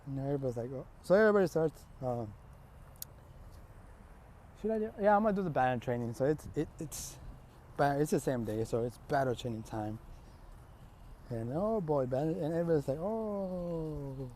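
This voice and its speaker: A young man spins an improvised fan story off the cuff, rambling in slang and correcting himself mid-sentence. His voice is mellow and warm, at an ordinary male pitch. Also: expressive, brisk, long pauses, a little hiss or hum.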